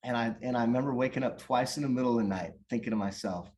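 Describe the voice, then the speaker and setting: A man in casual conversation, spinning a long story in an animated way. His voice sits at an ordinary middle pitch, and he keeps restarting his sentences as he goes. It sounds like relaxed, unscripted talk. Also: very fast. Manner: animated, rambling with many restarts. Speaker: guest or co-host, youth soccer coach.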